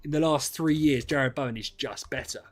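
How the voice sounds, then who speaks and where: A young man chatting casually on a livestream, ranting in an animated way and swearing freely. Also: mid-range voice, normal speed, soft background music. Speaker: streamer.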